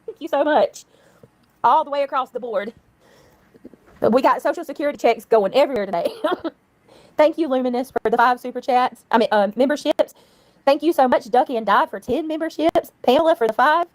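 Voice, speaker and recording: A woman's voice: high voice, brisk, dry recording. A woman livestreaming in casual chat, giggling, swearing freely and thanking her viewers.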